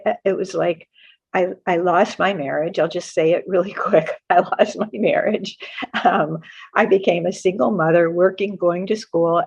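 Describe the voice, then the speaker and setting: An older woman with a lowish voice tells a personal story, earnest and halting, stumbling over and repeating words as she restarts. The recording sounds muffled and lo-fi. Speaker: guest author sharing a spiritual story.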